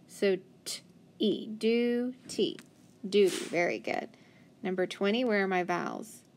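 A woman teaching a children's phonics lesson, patiently sounding out syllables and praising answers. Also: mid-range voice. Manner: slow, patient, sounding words out. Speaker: reading teacher.

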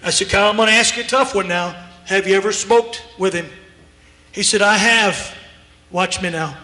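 Speaking at a normal pace in a high, sharp voice, a man delivers a sermon in a church sanctuary. He acts out both parties in an emphatic story, with the hall's long reverb echoing around him.

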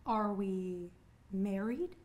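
An actress playing an indignant young actress on a film set who lectures a castmate in a pointed way. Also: female voice, a little high, a little slow, close to an everyday voice. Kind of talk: student film acting.

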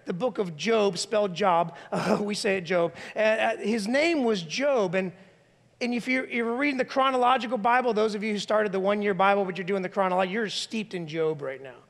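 High-pitched guy preaching a sermon, chatty and animated, long echo from the church hall. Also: vocal fry. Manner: animated, conversational preaching, acts out quoted voices. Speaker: lead pastor. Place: church sanctuary.

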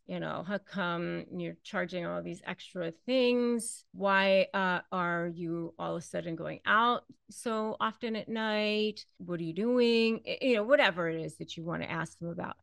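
A woman with a gravelly, fry-touched voice talks slowly and conversationally, as if to a camera. She repeats herself and slips into the voices of the people she quotes. The sound is dry and close, with no room around it. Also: medium pitch, a bit bright, dry recording. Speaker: host. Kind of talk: direct-to-camera advice talk.

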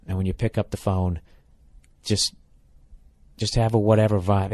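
Deep-voiced blunt profane man. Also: flat delivery, normal speed, a little mellow, dry recording. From United States. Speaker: podcast host giving advice. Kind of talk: comedic advice rant.

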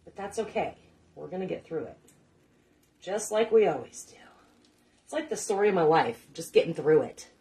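A woman's voice: lowish voice, expressive, moderate pace, pauses often, mellow. A middle-aged woman hosting a casual cooking livestream, chatting with viewers, swearing casually and laughing often. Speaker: cooking show host.

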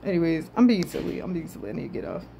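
An animated woman from the southern US chats loosely through a reaction, her pitch leaping up and down as she swears and stumbles over her words. A faint hiss sits under the voice, and her tone stays casual and chatty. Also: rapid-fire, vocal fry. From southern United States. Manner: animated, swearing, laughing, stuttering. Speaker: streamer reacting to comments.

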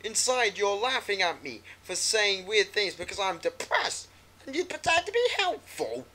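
A man voicing a frightened, distrustful young woman who sounds shrill and defensive, over a noisy recording. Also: big pitch swings, moderate pace, bright, forceful tone, full character voice. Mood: accusing. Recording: noisy with clicks and ticking.

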